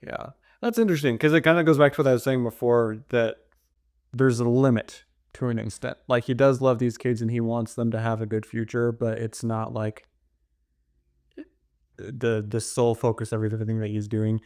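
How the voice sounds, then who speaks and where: A man co-hosting a book podcast, chatting loosely with plenty of fillers and restarts. His voice sits at a middle pitch. The sound is dry and close, with no room behind him. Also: fairly even intonation, normal speed, a little mellow, no room sound. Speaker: podcast co-host. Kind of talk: casual book discussion.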